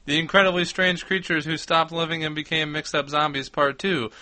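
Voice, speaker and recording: A man's voice: a little high, little pitch movement, brisk, bright, forceful tone, no echo. A man joining a casual chat with wry, playful remarks.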